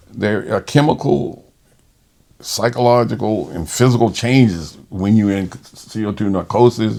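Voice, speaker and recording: A man who works as a respiratory therapist, telling a personal story in conversation in an animated way. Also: fairly low pitch, creaky. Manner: animated, acts out quoted voices.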